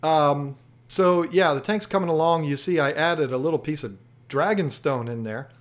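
A man's voice: a little high, normal speed. A man hosting a live aquarium stream, chatting casually in a rambling, joking way and reading viewer comments aloud. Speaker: aquarium channel host doing a live stream.

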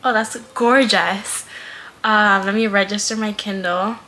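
A young woman vlogger talks her way through an unboxing in a gushing, giggly manner, with frequent "oh my god"s. She has a mid-range, pushed and bright voice with fairly even intonation and an unhurried pace.

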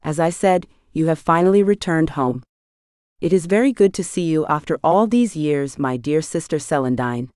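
Audiobook villain, grinning brother, smug and formal, read by a low-voiced woman narrator. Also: moderate pace, a little mellow, no echo, studio quality, natural voice. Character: wicked grinning villainous brother, adult man.

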